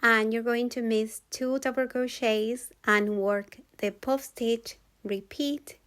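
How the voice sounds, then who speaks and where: A woman giving a calm, patient step-by-step crochet tutorial voice-over, repeating each step clearly. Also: fairly high pitch, takes it slowly. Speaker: crochet instructor.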